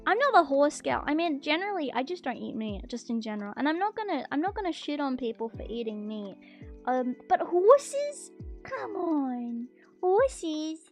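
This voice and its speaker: A high-pitched woman talks casually on a live stream, reading viewer confessions aloud. She gets excitable and bursts into gasps and shrill protests. Soft music plays faintly in the background. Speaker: VTuber streamer.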